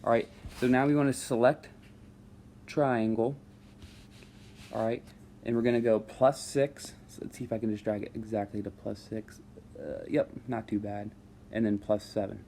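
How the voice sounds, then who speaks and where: Relaxed low-voiced male math teacher. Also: moderate pace, gravelly, long pauses, slight background noise. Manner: relaxed, talks students through steps with frequent "all right". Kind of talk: screen-recorded math lesson.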